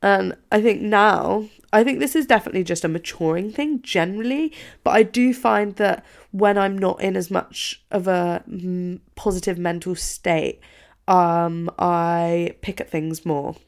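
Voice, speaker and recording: A woman's voice: unhurried, creaky. A young woman chatting casually and at length, filling her talk with "like" and acting out her own past words. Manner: rambling, heavy use of "like", acts out quotes in a higher voice. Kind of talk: casual confessional chat.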